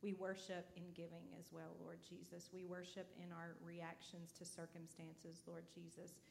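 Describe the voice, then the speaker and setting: A woman's voice: lowish voice, completely flat delivery, moderate pace, creaky, a little mellow. A woman leading an offering prayer in church, speaking steadily and often repeating "Father God" and "Lord Jesus". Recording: faint background noise.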